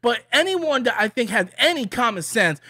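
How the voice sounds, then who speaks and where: Brief: higher-pitched male vlogger, dry close sound, rambling and opinionated, stumbles and restarts often. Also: sing-song, normal speed, pushed and bright, dry recording. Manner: rambling, many restarts and repeats; annoyed, opinionated. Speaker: movie reviewer. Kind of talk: casual ranting review.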